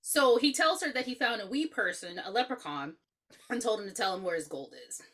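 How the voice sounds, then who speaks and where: Lively bright-voiced woman podcast host. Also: a little high, fairly quick. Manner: animated, laughs often, profane. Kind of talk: casual movie review chat.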